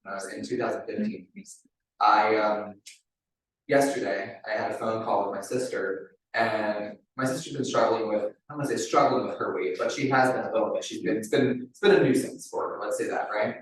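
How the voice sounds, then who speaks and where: A man's voice: fairly low pitch, fairly quick. A man leading a live wellness demonstration for a group, talking casually and checking in with "right?" after many phrases. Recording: very echoey room, mic far off.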